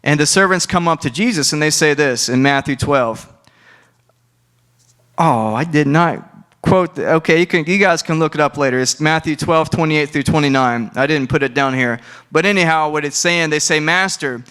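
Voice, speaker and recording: A man's voice: fairly high pitch, moderate pace, fairly bright tone, smooth. A young man giving a casual, conversational sermon, full of asides and restarts. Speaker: preacher.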